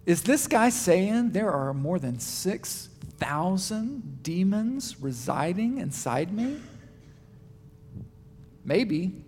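Man, pastor, high-pitched, conversational preaching, reverberant church hall. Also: very slow, slight background noise. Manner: conversational, animated preaching with audience questions. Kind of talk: sermon.

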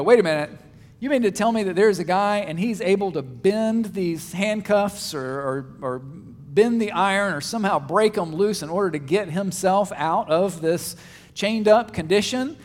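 Casting note: male pastor, bright high voice, chatty sermon delivery, long hall reverb. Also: moderate pace. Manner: conversational, animated preaching with audience questions.

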